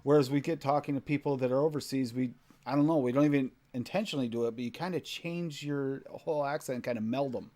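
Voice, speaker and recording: An easygoing man from the United States hosts a relaxed podcast conversation. His voice sits at an ordinary middle pitch, and he laughs often and lets his sentences ramble. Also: quick pace. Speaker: podcast host. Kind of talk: casual chat.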